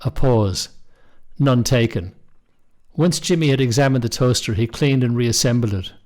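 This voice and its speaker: A man narrates his own short story in a steady, measured reading voice. His pitch sits in the middle range for a man. It is scripted storytelling, calm and even throughout. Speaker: storyteller and author.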